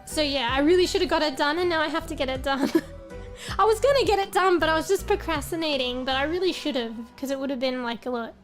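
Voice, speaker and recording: High-voiced female streamer with a tired, fading voice. Loose, rambling, sweary chat to viewers. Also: brisk, soft background music. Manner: rambling, casual, swears often. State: losing her voice.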